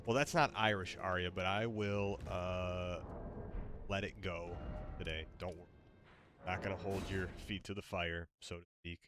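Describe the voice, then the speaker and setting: A man's voice: low-pitched, fairly even intonation, a little slow, music in the background. A man streaming a game, exclaiming in panic and joking with his AI companion. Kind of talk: casual game commentary.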